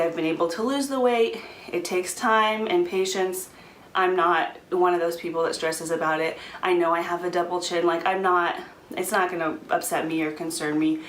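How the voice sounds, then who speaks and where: A young woman vlogging casually, chatty and quick to laugh, with frequent ums. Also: lowish voice, roomy sound, slight background noise, low-quality recording. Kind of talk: casual pregnancy update vlog.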